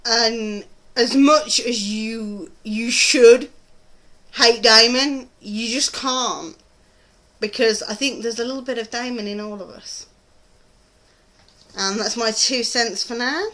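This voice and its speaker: A woman's voice: fairly high pitch, fairly even intonation, slow, pauses often, fairly bright tone. A British woman chatting casually in a TV review vlog, rambling and gushing with frequent ums. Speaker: TV review vlogger.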